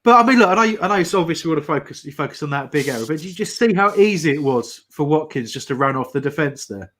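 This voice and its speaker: A man's voice: on the high side, lively intonation, fast, a bit bright. A man giving casual running commentary on a football match, teasing his co-hosts. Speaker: watch-along co-host.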